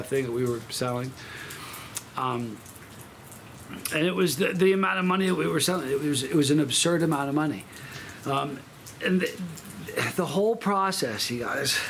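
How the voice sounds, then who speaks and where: A man's voice: mid-range voice, fairly bright tone, slight background noise. A man hosting his channel, telling a story in a casual monologue that is emphatic and rambling, with frequent restarts and self-corrections. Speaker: channel host.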